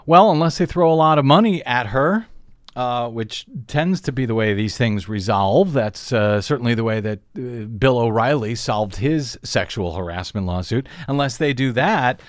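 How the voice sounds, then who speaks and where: A man's voice: mid-range voice, expressive, moderate pace, dry recording, clean studio sound. A man hosting a talk radio show, reading out lawsuit details with wry asides and frequent fillers. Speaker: radio host. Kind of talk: talk radio news commentary.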